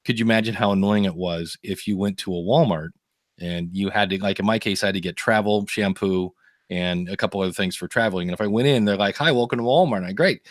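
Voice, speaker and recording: A man with a fairly low voice chats on a podcast, telling stories with plenty of energy. He slips into quoted voices as he goes. The sound is dry and close. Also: fast, no echo. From United States. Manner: animated storyteller, acts out quoted voices. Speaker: podcast host. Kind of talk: casual chat.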